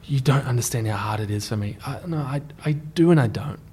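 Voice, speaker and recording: A young man, a podcast guest telling a story in an animated way, often stumbling and restarting. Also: mid-range voice, fairly quick, slightly rough. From Australia.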